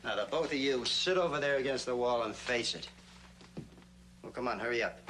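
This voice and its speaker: An actor playing a short-tempered male outlaw leader who barks orders in a gruff voice, in an old TV western. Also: mid-range voice, fairly quick, a bit bright, a little hiss or hum, natural voice. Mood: threatening. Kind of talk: 1960s TV western acting.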